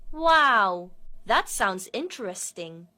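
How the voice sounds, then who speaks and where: A woman's voice: mid-range voice, big pitch swings, slow pace, pushed and bright, exaggerated voice. A woman voicing a cheerful young schoolgirl in a lesson dialogue, asking eager questions. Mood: curious.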